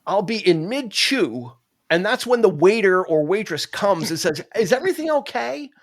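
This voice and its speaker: A man's voice: high voice, unhurried. A man hosting a podcast in casual, joking chat, with frequent restarts. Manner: animated, joking, stumbling restarts. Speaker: podcast host.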